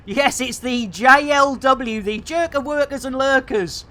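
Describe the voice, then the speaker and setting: A woman's voice: sits high, unhurried, hardly any pauses, pushed and bright. A woman streaming a game, chatting casually to her viewers, rambling and punning with frequent giggles. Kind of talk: casual live-stream chat.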